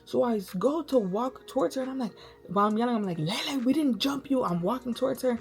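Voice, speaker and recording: A young woman vlogger telling a story in a slangy, animated way, full of dramatic asides. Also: on the high side, fast talker, gravelly, soft background music. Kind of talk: storytime vlog.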